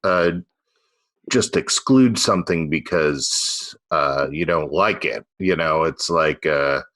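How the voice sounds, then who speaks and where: A man's voice: extremely low pitch, takes it slowly, a bit bright. A man in a casual discussion, chiming in briefly and hesitantly.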